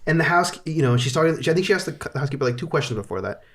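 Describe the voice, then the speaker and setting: On a movie podcast, a co-host with a fairly high voice rattles along at a very fast clip. He's casual and animated, picking the film apart and mimicking quotes mockingly.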